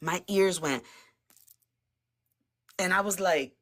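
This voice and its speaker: A woman guest telling a personal faith testimony in a casual, animated way, often laughing and repeating words as she talks. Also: fairly low pitch, slow pace. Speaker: interview guest giving testimony.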